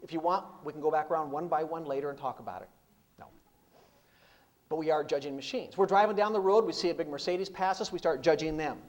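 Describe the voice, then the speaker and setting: A man's voice: fairly high pitch, fast talker, a little mellow. A middle-aged man speaking as a business speaker to a seminar audience, emphatic, with rhetorical questions and repeated punchlines. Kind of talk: live seminar talk.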